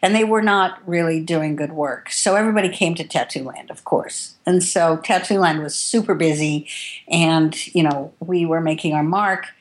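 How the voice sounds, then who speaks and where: A woman's voice: sits low, normal speed. A woman tattoo artist telling stories from her working life in an interview, candid and rambling, with some casual swearing. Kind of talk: interview storytelling.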